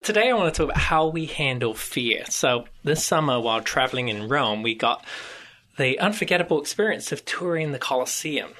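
Bright-voiced man telling stories. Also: mid-range voice, expressive, brisk. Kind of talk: podcast monologue on emotions.

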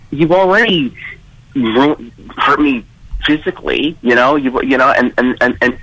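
Brief: male radio caller, halting and repetitive, dry close sound. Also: medium pitch, a bit bright, slightly rough, dry recording, poor audio. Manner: halting, repeating himself. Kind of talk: phone-in personal story.

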